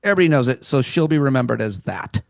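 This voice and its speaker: A man's voice: medium pitch, lively intonation, fast talker, creaky, no echo, studio quality. A male comedian joining a radio panel as a guest, talking earnestly and rambling through his points. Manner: rambling, earnest, restarts mid-thought. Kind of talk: casual panel chat.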